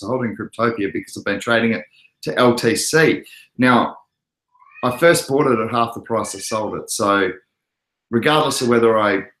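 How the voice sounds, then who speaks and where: A man's voice: mid-range voice, a bit bright. Aussie guy from queensland, laid-back chatty livestream host, sounds a bit roomy. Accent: Australian. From Queensland, Australia. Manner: laid-back, chatty, answers chat messages. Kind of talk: casual livestream chat. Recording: echoey room.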